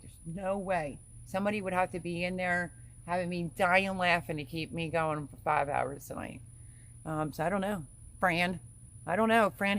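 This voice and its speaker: This livestream host, a middle-aged woman with a deep voice, reads out viewer names in casual, chatty, giggly conversation. There's a little hiss or hum in the audio.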